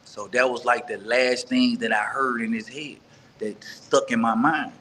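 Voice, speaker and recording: A man from Mississippi telling his life story as an interview guest, earnest and halting, often restarting and repeating words. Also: medium pitch, steady tone, a bit bright, a little hiss or hum, low-quality recording. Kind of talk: personal life story in conversation.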